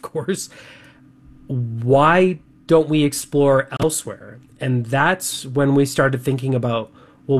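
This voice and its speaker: A young man co-hosting a talk show, chatting casually and animatedly, with plenty of filler words. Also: medium pitch. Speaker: radio show co-host.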